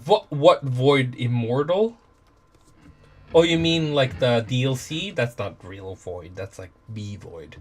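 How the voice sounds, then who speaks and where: A man's voice: mid-range voice, lively intonation, slow. Loose, profane man chatting on stream. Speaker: music producer streaming from his studio. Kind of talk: casual live stream chat.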